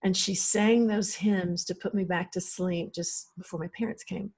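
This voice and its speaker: A woman's voice: on the low side, steady tone, normal speed, darkish tone, breathy edge. Earnest woman telling a personal story. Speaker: podcast guest.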